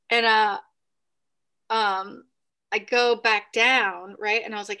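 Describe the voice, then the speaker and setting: A woman telling a ghost story in casual chat, full of "like" and "right?", acting out what people said in sudden high bursts. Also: unhurried. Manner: animated, acts out quotes with sudden high bursts; many fillers like "like" and "right?". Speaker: podcast guest.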